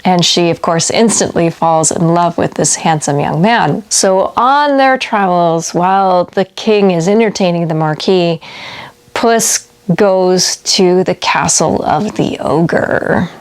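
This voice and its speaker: A woman's voice: fairly low pitch, slow, smooth. A woman hosting a casual video, chatting and retelling fairy tales with frequent little laughs. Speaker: video host. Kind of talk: casual storytelling vlog.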